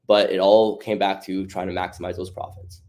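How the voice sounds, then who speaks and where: A man's voice: low-pitched, flat delivery, moderate pace, a little mellow. A man co-hosting a business podcast, explaining things at length and tagging his points with "right?" and "you know". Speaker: podcast co-host. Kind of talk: casual podcast discussion.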